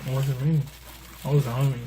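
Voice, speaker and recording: A man's voice: medium pitch, little pitch movement, fast, warm tone, slight background noise, low-quality recording. A man telling a story in a laid-back way, swearing and acting out quotes. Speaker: vlog co-host. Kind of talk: casual couple storytelling.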